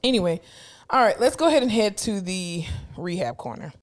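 Young woman podcast co-host, blunt and animated, mid-pitched. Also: fairly quick. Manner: blunt, animated, laughs often. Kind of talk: casual chat.

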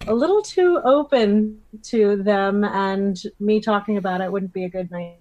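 A woman's voice: mid-range voice, a little slow, darkish tone, no echo, highs cut off. A woman in casual chat, reacting and telling a story in a talkative way.

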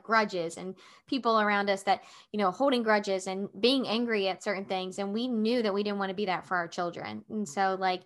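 A woman co-hosting a casual couples podcast, telling stories in a rambling, animated way full of filler words. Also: medium pitch. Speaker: podcast co-host.

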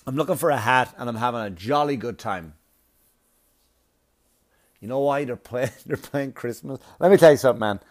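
A man doing stand-up, telling a long story in a profane, animated way with laughing asides. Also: medium pitch, normal speed, long pauses. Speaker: comedian.

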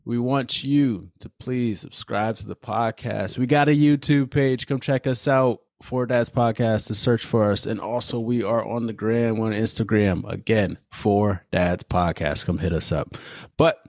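A man's voice: lowish voice, unhurried, no room sound, clean studio sound. A man hosting a casual podcast with his friends, upbeat and laughing often as he hypes the others. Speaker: podcast host.

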